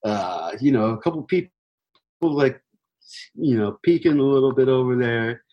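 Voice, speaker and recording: Young male musician, husky and casual, telling a loose anecdote. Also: medium pitch, animated, normal speed, muffled recording. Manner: laid-back, rambling, heavy fillers, swears freely. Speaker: touring band musician. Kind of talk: casual storytelling.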